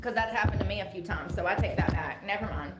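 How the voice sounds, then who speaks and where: A woman's voice: mid-range voice, fast talker, roomy sound, loud music behind the voice. A woman from North Carolina with a Southern twang, chatting casually and rambling on a home livestream, swearing freely. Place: indoors at home.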